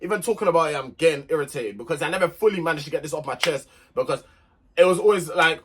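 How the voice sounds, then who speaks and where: A man's voice: fairly high pitch, lively intonation, fast talker, fairly bright tone, slightly rough. A young man telling a relationship story to camera in an emphatic, irritated rant, repeating himself to make his point. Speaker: vlogger.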